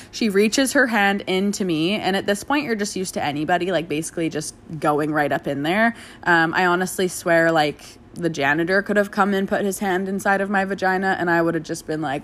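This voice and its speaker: A young woman candidly telling her own birth story in a casual, frank way, swearing freely and jumping into animated voices for the people she quotes. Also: mid-range voice, a little fast, few pauses.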